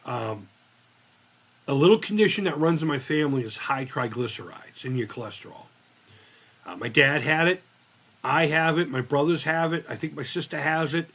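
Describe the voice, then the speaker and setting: A man hosting a livestream who rambles through stories and swears freely. His voice sits a little on the high side, and he talks in a loose, casual way. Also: animated, normal speed, fairly bright tone, slightly rough. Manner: profane, rambling storyteller. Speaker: livestream host.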